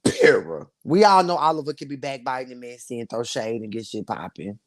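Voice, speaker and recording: A man hosting a sassy, slangy live review, his voice sitting at a middling pitch. He leaps from loud, drawn-out bursts to low, muttered asides, and he laughs often as he chats with his viewers. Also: expressive. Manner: laughs often while talking. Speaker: host of a live review stream. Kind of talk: casual live-stream reality show review.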